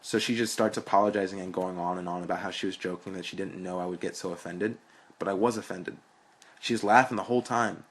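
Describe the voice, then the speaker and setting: A man's voice: deep voice, steady tone, quick pace, a little hiss or hum. A young man reading a story aloud in a frank, blunt, profane way. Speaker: narrator.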